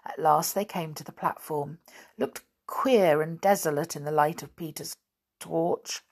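Woman reading a kids book out loud, slow and measured, bit of vocal fry. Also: low-pitched. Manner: measured storytelling. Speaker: reader. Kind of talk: reading a children's book aloud.

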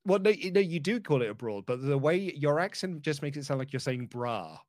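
A man's voice: on the high side, big pitch swings, brisk, a little mellow, no echo. Rambling man on a dry-sounding podcast. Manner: thinks aloud, rambling with restarts and laughs. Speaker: podcast co-host. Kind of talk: casual wrestling podcast chat.

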